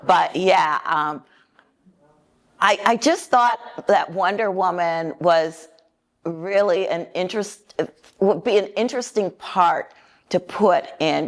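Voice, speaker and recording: An older woman from Minnesota answers questions at a museum talk, speaking very slowly in a slightly low voice. Her voice sounds a little worn and cracks at times. She is chatty and laughs easily between thoughts. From Minnesota, USA. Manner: unhurried, chatty, laughs often. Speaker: author reading and answering questions. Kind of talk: conversational Q&A answers. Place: museum event room.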